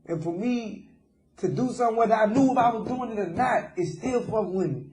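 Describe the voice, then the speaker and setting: Brisk and high-voiced, with a darkish tone and a roomy sound, a young jailed suspect answers questions in a jailhouse interview. He sounds remorseful and repeatedly addresses the interviewer as "sir."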